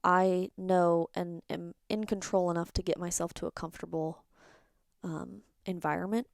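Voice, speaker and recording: A woman's voice: fairly low pitch, fairly even intonation, normal speed, creaky, no echo, clean studio sound. A woman hosting a personal solo podcast, talking candidly and rambling, sometimes dropping into a whisper. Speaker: podcast host.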